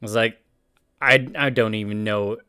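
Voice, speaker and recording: A man's voice: on the low side, fairly even intonation, measured pace, bright, forceful tone, smooth. A man chatting casually on a live stream, reacting to an anime and his chat in a rambling way, often restarting his sentences. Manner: rambling, self-correcting, laughs often.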